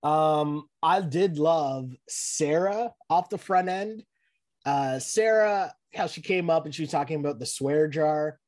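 Playful higher-voiced podcast man. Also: a little mellow. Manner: quick to laugh, playful teasing. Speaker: podcast co-host. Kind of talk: casual chat.

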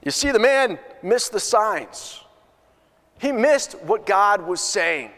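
A man's voice: high-pitched, expressive, slow, fairly bright tone, big-room sound. A man preaching a sermon, telling a story in an earnest way with many restarts. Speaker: pastor.

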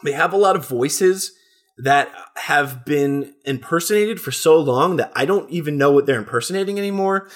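A man's voice: a little high, lively intonation, moderate pace. Rambling, profane man chatting casually. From New Jersey area, US. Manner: rambling, profane, breaks into silly put-on voices. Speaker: podcast co-host. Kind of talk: casual chat.

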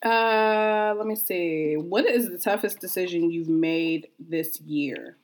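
A woman's voice: lowish voice, takes it slowly, slight background noise. A woman hosting a casual podcast chat, asking the group questions in a playful way.

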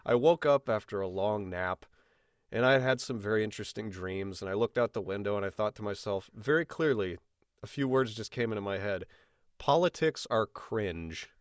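A man's voice: lowish voice, a little fast, dry recording, clean studio sound. A young man hosting a podcast, chatting casually and telling stories with laughter. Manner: animated, laughing storyteller. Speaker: podcast host.

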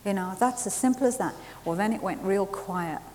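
A woman preaching a sermon, telling a lively story and laughing at herself along the way. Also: mid-range voice, moderate pace. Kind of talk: sermon with testimony. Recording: hissy recording in a reverberant hall.

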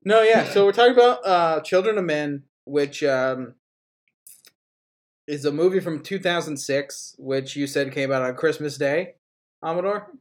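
A man's voice: fairly high pitch, unhurried. Joking, foul-mouthed male podcast host. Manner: joking, profane, slips into silly impressions. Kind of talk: casual podcast banter.

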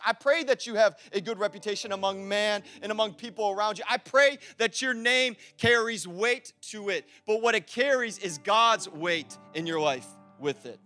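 A man preaching a sermon in a casual, conversational way, breaking into loud, emphatic bursts. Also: high-pitched, moderate pace, few pauses, soft background music.

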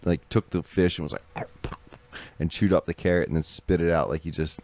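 A young man with a notably low, deep voice chatting on a podcast. He is easygoing, swears freely and laughs along with friends. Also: steady tone, fairly quick, darkish tone. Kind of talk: casual chat.

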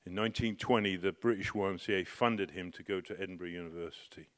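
A middle-aged man telling a personal story in a casual, anecdotal way, animated and full of restarts. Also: low voice, quick pace. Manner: animated, with restarts and bursts of excitement. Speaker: storyteller recounting personal experience.

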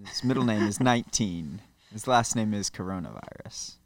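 A man guesting on a casual podcast, trading deadpan jokes with friends. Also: lowish voice, normal speed, no echo. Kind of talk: casual chat.

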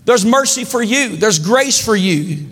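A man preaching a sermon as pastor, calling for amens and building to shouts. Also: sits high, animated, unhurried. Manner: preaching with call-and-response, rising to shouts. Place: large church hall. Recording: long church hall reverb.

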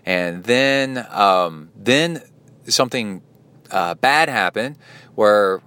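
Rambling podcast host, smooth low voice. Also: male voice, animated, very slow, sharp tone, no echo. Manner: rambling, chatty storytelling with many fillers. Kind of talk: casual spoken race recap.

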